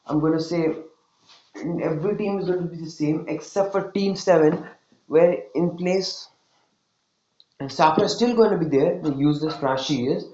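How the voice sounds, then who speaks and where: Man, casual storytelling, rambling, slightly high, roomy, dull sound. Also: a little mellow. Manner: rambling, full of likes and restarts. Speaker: youtuber retelling a fan story. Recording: roomy, dull lo-fi home recording.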